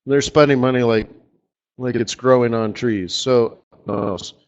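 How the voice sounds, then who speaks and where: A man hosting a live trading session, chatty and excitable, breaking into lively exclamations. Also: mid-range voice, a little slow, highs cut off. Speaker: market strategist host. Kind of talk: live trading webinar commentary.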